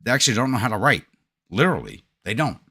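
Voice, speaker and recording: A man's voice: mid-range voice, sing-song, quick pace, sharp tone, husky. A middle-aged man with a New York accent, chatting bluntly and profanely with his livestream viewers. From United States. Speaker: livestream gaming host. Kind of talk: casual chat with stream viewers.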